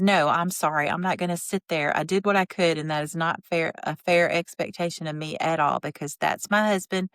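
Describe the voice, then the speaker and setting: A woman podcaster gives sarcastic, opinionated commentary on a reality show, and her low-pitched voice bursts into exasperation. She rattles off quotes at a quick clip. The sound is dry and close, with no room echo. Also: fairly bright tone, smooth. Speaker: podcast host.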